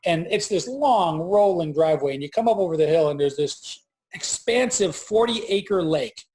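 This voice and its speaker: Pitched high and moving at a moderate pace, a forties-aged entrepreneur shares a story in an easygoing farm interview. He animates it by acting out the voices of those he quotes.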